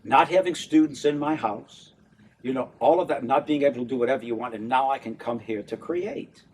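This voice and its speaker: An older man from New Orleans, an opera tenor and director, chatting in an interview in an animated way and laughing often. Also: medium pitch, a little fast, slightly rough, recorded from a distance. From New Orleans, USA. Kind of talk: casual interview chat.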